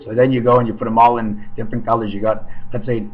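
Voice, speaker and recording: Man, middle-pitched, rambling webcam monologue at home, free-associating wordplay, muffled lo-fi sound. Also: flat delivery, fast talker. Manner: free-associating wordplay, sing-song asides. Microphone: webcam microphone. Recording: dull lo-fi webcam audio.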